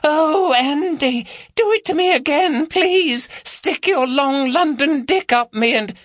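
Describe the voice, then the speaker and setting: A man's voice: very high-pitched, slow, fairly bright tone, no room sound, clean studio sound, pitched above the performer's own voice, full character voice. A man voicing a cheeky, boisterous male friend from London, full of laddish banter. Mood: mocking falsetto.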